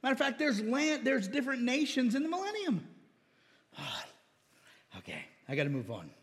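A man preaching a sermon, animated, with laughs and mocking impressions of critics. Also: very high voice, moderate pace, long reverb tail. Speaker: pastor.

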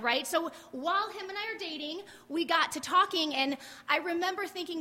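High-pitched woman rambling through her church testimony, lots of "like", big hall echo. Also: moderate pace, hardly any pauses, sharp tone. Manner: chatty, candid, fillers like "like". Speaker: guest sharing testimony. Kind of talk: casual testimony on church stage. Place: church service. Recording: long hall reverb.

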